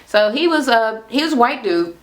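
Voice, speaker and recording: A woman's voice: a little high, normal speed. A married woman recapping a reality show in casual chat, rambling, swearing freely and acting out quotes as she goes. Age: adult, married. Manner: animated, profane and rambling, often acting out quotes.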